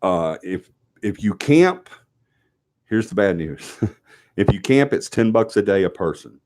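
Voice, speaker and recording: A deep-voiced man with a Southern US drawl hosts a live stream, sniffly and stuffed up from a cold. He rambles through announcements in a chatty way, with plenty of fillers and restarts, but turns firm when he lays down the rules. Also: expressive, measured pace, darkish tone. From Alabama, US South. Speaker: host of a paranormal team's live show.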